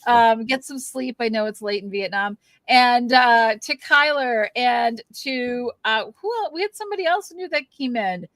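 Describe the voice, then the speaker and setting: A woman's voice: on the high side, expressive, moderate pace, hardly any pauses, fairly bright tone, dry recording. A woman hosting a fan podcast, wrapping up in a chatty, rambling way with plenty of ums and thank-yous. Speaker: podcast host. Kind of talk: casual show wrap-up chat.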